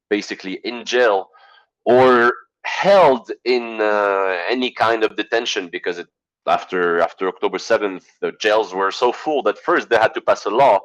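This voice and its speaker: Guy presenting on a video call, lowish voice, kinda hoarse, lots of ums and throat clearing. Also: a bit bright, poor audio. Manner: halting, with fillers and throat clearing. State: losing his voice. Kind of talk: online presentation.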